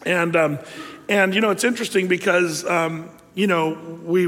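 Conversational pastor in a reverberant hall. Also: male voice, a little high, bright, forceful tone. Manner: conversational, many fillers and asides. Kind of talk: sermon.

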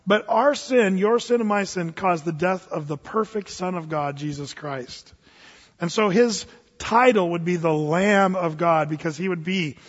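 Male pastor, high-pitched, storytelling sermon style, dull recording with long hall reverb. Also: husky. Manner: storytelling with humor, many restarts, sudden loud bursts.

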